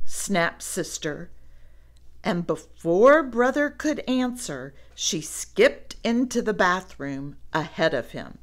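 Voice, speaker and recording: A woman reading a children's storybook aloud, with animated asides to young listeners. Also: lowish voice, takes it slowly. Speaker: storybook reader.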